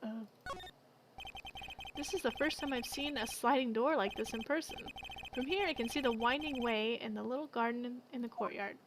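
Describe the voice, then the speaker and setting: A woman's voice: on the high side, normal speed, a little hiss or hum, rough recording. A woman streamer reading a game's dialogue aloud in a casual, musing way. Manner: casual, soft, muses aloud. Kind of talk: reading game dialogue aloud, let's play. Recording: game music playing behind.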